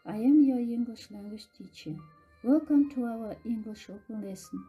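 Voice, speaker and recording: A woman English teacher, giving slow, careful instructions to her pupils. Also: fairly high pitch, dark tone, husky, highs cut off, faint music behind. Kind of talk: recorded classroom instruction.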